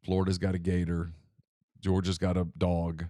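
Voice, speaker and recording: Animated male podcast co-host, dry sound. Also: low-pitched, moderate pace, no echo. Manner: animated storyteller, acts out quoted voices. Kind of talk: casual sports talk.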